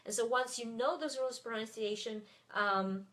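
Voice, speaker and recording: A woman's voice: a little high, normal speed, a bit bright. A native French-speaking woman teaching an online webinar lesson, hesitant, with many fillers and self-corrections. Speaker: French tutor.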